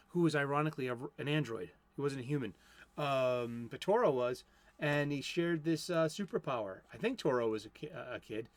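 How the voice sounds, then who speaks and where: A man in his fifties with a Boston accent chats on his own, his voice sitting a little high for a man. He rambles and circles back, stringing thoughts together with fillers and false starts. It sounds like a casual one-man talk. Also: no echo. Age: 50s. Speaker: comics vlogger. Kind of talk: casual solo monologue.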